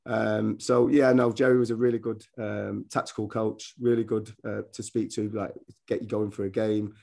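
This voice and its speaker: A middle-aged man with a fairly low voice talks as a guest about his football career. He rambles from story to story, often restarting his sentences as he goes. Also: flat delivery, normal speed, gravelly, darkish tone. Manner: rambling anecdotes with many restarts. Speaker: former footballer and coach, guest. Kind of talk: casual podcast interview.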